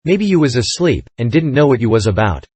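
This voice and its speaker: A man's voice: medium pitch, big pitch swings, fairly quick, darkish tone, husky, no echo. A man reading aloud, voicing a sly, sarcastic old male con-man king who wheedles. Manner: sarcastic, then pleading.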